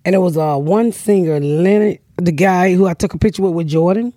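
A brash, middle-aged woman spins comic stories on a podcast, loud and profane, breaking into laughter as she goes. Her voice sits close and dry with no room sound. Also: on the low side, brisk, no echo. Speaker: podcast host, comedian. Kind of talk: casual comedic storytelling.

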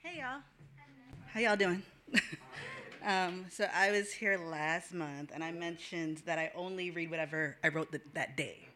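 A woman's voice: fairly low pitch, measured pace, crowd noise. A woman with a casual, friendly manner introducing and reading her spoken-word poem at an open mic.

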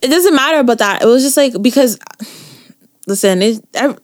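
A woman's voice: fairly high pitch, lively intonation, moderate pace. A young woman co-hosting a podcast, telling a story in casual chat, acting out quotes and laughing often. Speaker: podcast co-host.

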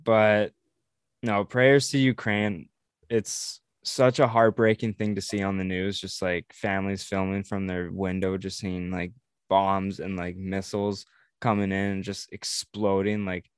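A man's voice: deep voice, little pitch movement, a little slow, smooth, no echo, clean studio sound. A man in casual podcast chat, talking earnestly and loosely with filler words.

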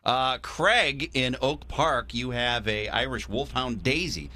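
A man's voice: mid-range voice, takes it slowly, pushed and bright. A man co-hosting a morning radio call-in show, joking and teasing the callers.

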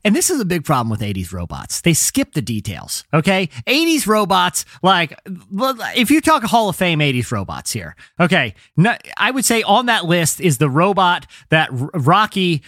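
A man on a casual comedy podcast, talking in a bright, high voice that leaps up and down. He rambles and restarts, then jumps into goofy put-on voices. The sound is close and dry, with no room around it. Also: moderate pace, no echo. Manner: animated, rambling, acts out silly voices. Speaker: show guest ranking TV shows.

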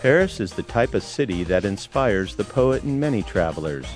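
Radio guy reading little poems slowly, lots of melody, faint music behind. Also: on the low side. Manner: slow, expressive recitation. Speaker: announcer reading listener poems.

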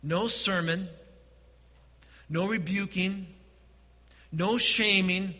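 Male pastor, higher bright voice, sermon in a reverberant hall, muffled sound. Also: very slow. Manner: preaching with quiet dips and emphatic swells.

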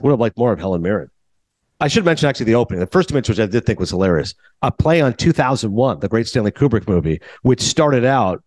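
A man in his forties from Canada hosts a podcast in relaxed chat. He tells his stories at a quick clip and acts out what he said along the way. The sound is dry and close, with no room echo. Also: mid-range voice. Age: 40s. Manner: animated storytelling, acting out his own asides. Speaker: podcast host. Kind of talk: casual chat.

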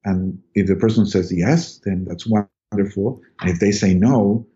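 A middle-aged man, a podcast guest, telling a personal story in casual talk, halting and repeating words with many ums. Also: fairly low pitch, mellow, muffled recording.

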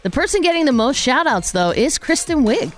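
Brisk, wry woman reading radio headlines. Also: high voice, sing-song, faint music behind. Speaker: radio co-host reading entertainment news. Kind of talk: morning radio show banter.

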